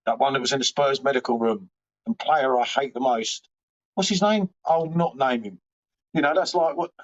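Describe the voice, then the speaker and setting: A man hosting a live stream from home, rambling and swearing casually as he chats back to viewers' comments. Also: fairly high pitch. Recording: dull lo-fi stream audio.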